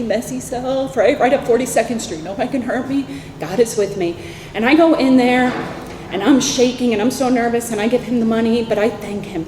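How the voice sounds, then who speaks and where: A woman in her thirties with a New York accent, telling her personal recovery story candidly at a convention, in animated talk full of "like" and "right?". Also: a little high, a little hiss or hum. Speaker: recovery meeting speaker. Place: convention hall. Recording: echoey hall with faint ambience.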